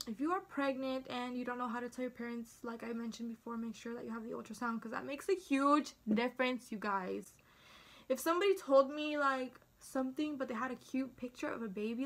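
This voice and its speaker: Bright, chatty teenage girl vlogging. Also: on the high side, normal speed. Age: teens. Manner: chatty, dramatic, acts out family dialogue. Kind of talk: casual storytelling to camera. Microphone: phone camera.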